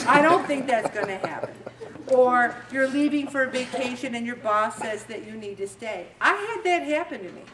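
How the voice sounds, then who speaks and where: A woman hosting a faith talk show speaks in an animated, self-mocking way, acting out little scenes as she gives a motivational talk. Her voice sits a little high. She sounds a bit far from the mic in a roomy, echoing space. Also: moderate pace, noisy background. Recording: roomy echo, distant mic.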